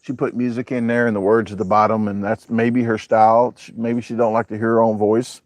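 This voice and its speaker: Speaking a little mellow and fairly quick, this man has a lowish, level-toned voice recorded with no echo. He's at home hosting a laid-back live chat, pointing the camera at his backyard. He reads out what viewers write, cracking jokes and wandering off-topic in a southern-US manner.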